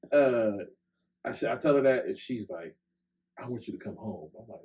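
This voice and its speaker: A young podcast co-host tells a long personal story into a podcast microphone, chatting casually and loosely with plenty of "like" and "right?". His lowish voice is animated, brisk and darkish, on a rough recording.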